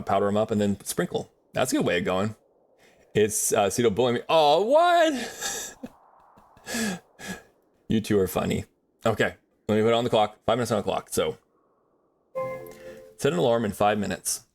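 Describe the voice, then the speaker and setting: Rambling male streamer, lowish voice. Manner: rambling, friendly, many fillers and restarts. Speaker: livestreamer. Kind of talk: casual livestream chat while drawing.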